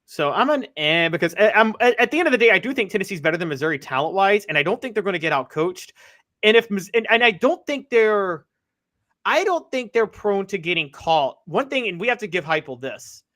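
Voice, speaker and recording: A man's voice: high voice, very animated, fairly quick, sharp tone. A young man co-hosting a casual sports podcast, giving emphatic, opinionated takes. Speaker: podcast co-host.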